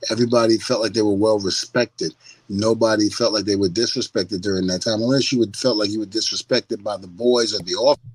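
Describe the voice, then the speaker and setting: An older man from the United States, a podcast guest telling stories in a loose, animated way, laughing often and swearing freely. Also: on the low side, a little fast, breathy edge, dry recording. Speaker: guest, former wrestler. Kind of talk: casual podcast chat.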